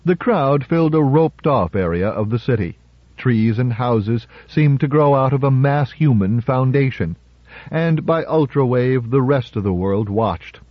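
A male narrator reading a story in a measured, dramatic way. The sound is dry and close, with a slightly muffled, dull tone. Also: mid-range voice, animated, dry recording. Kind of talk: audiobook narration. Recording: slightly muffled audiobook recording.

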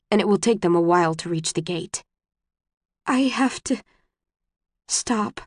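A woman narrating a novel in the first person, subdued and measured, recorded on a close studio mic. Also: fairly low pitch, no echo. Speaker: audiobook narrator.

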